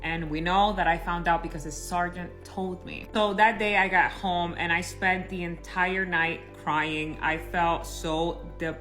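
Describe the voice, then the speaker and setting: A woman's voice: lowish voice, level tone, unhurried, few pauses, a bit bright. Woman spilling her story, keeps saying like, faint music in back. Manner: emotional, rambling with many "like" fillers. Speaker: storyteller recounting her marriage. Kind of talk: casual personal storytelling.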